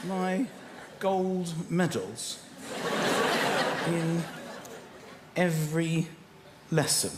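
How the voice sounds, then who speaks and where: A man hosting a comedy show in front of a live audience, playful and excitable. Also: a little high, very slow, long pauses, very noisy. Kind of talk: live stand-up banter with audience. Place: TV studio before a live audience. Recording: echoey studio with loud crowd laughter. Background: audience laughter and applause.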